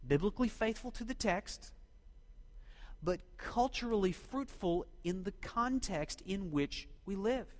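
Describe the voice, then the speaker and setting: High-voiced male pastor preaching in a hall. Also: lively intonation, a little slow. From Oklahoma. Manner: preaching with call-and-response to the congregation. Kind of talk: sermon.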